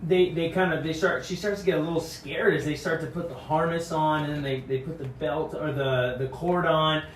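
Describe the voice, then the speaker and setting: A man's voice: a little high, fairly even intonation, normal speed, a little hiss or hum. A man giving an earnest devotional sermon that urges courage and repeats key phrases, recorded off-mic in a room. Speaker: pastor. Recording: echoey room, mic at a distance.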